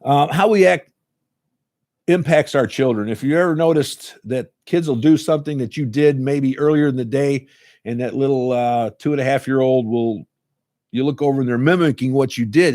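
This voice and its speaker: Speaking casually but earnestly to the camera, a laughter club teacher repeats words as he talks. His mid-range voice has a darkish tone, captured in a clean studio with no echo.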